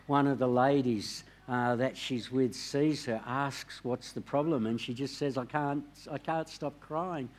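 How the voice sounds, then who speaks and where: A man preaching a sermon, telling a story in a measured way and dropping his voice quietly on key words. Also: medium pitch. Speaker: pastor.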